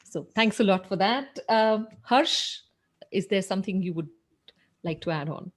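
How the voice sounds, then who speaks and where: A woman hosting an online business panel, polite and measured as she hands over to speakers. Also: medium pitch. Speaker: host, facilitator. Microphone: video call.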